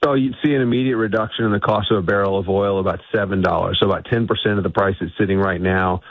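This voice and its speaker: Deep husky man on a phone line. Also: steady tone, fast, no echo. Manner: emphatic, assertive. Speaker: guest. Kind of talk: interview on a radio show.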